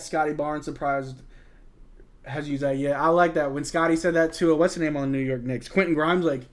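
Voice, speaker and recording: A young man with a slightly high voice hosts a live fan stream. He calls the plays loosely and chats back to his viewers in a relaxed, joking way, tossing in bits of trash talk. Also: brisk. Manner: chatty, reads and answers chat, jokes and trash talk. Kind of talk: casual live game watch-along commentary.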